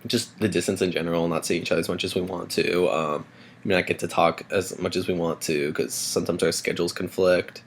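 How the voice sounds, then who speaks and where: A young man in his early twenties talks casually for a vlog in a very deep voice with a gravelly edge. He tells stories loosely, full of "like" and "um", over a faint hiss. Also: fairly quick. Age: young adult. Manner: relaxed storytelling with filler words. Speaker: vlogger. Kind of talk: casual chat.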